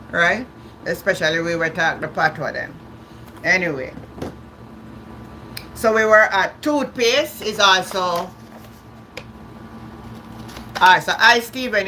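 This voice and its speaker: A woman's voice: fairly low pitch, sharp tone, a little hiss or hum. A woman hosting a casual livestream, chatty, repeating and restarting her words and laughing often. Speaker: livestream host. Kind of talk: casual live-stream chat.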